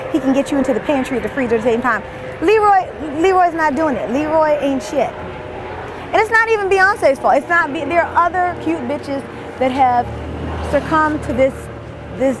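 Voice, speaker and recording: A woman, delivering an animated, exasperated comic rant as a monologue. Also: high voice, a little hiss or hum. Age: 20s. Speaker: comedian.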